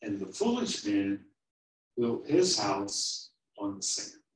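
A man telling a children's story in a sermon, slow and animated. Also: on the low side, a little hiss or hum. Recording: roomy, from far off.

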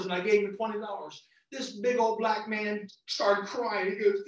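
A man, a visiting lay preacher, giving a fervent sermon in a church, his voice jumping into excited high outbursts. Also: moderate pace, hardly any pauses. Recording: very echoey church from far off.

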